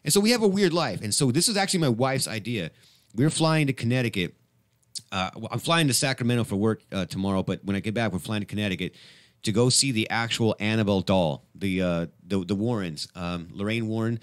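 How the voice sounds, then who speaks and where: A middle-aged man hosting a live radio show, rambling and excitable, with many restarts. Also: fairly low pitch, fairly quick, no echo, studio quality. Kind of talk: casual live radio chat.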